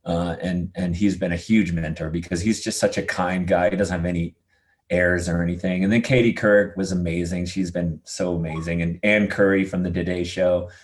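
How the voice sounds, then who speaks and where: A middle-aged man telling stories in a casual interview, lively and quick to laugh, acting out the voices of people he quotes. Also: low-pitched. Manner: animated storyteller, acts out quoted voices, laughs easily. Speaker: podcast guest, adventurer.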